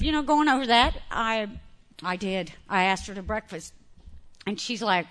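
Bright, high-pitched woman telling her story. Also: normal speed. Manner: candid, animated, laughs often. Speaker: speaker sharing recovery story. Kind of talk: personal testimony to an audience.

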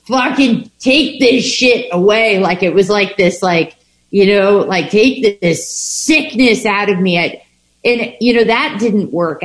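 Frank, halting woman with a lowish voice. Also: a little mellow, low-quality recording. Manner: halting and frank, heavy swearing, many restarts. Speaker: person sharing a recovery story. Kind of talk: candid personal storytelling.

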